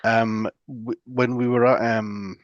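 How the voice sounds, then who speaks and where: A man's voice: mid-range voice, little pitch movement, takes it slowly, no room sound. A man from England hosting a casual podcast chat, rambling with frequent restarts and fillers, on dull lo-fi audio. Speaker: podcast host. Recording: dull lo-fi sound.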